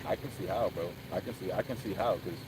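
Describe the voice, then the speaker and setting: Fast-talking man telling a story outdoors. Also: sits low, noisy background. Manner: animated storytelling, acts out quotes, swears a lot. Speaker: vlogger. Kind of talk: casual chat while riding. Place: outdoors on city streets.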